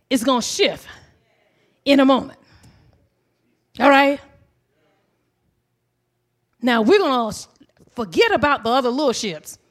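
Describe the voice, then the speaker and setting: A woman preaching a sermon emphatically, swinging from soft, low asides to shouting.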